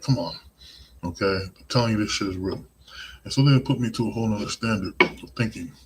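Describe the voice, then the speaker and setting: A man's voice: on the low side, slight background noise, rough recording. A man hosting a live-streamed podcast, delivering an emphatic, profane monologue. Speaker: podcast host.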